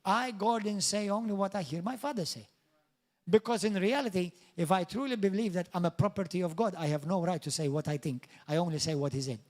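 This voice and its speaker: A man's voice: high voice, fairly quick. A man preaching a sermon as pastor, in an emphatic, declamatory style that builds to exclamations. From Malta.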